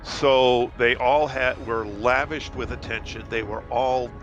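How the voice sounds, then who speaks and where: A man's voice: mid-range voice, fairly even intonation, measured pace, fairly bright tone, dull audio, faint music behind. A man chatting casually on a headset in a group voice chat, rambling with many fillers, a little tipsy and half asleep.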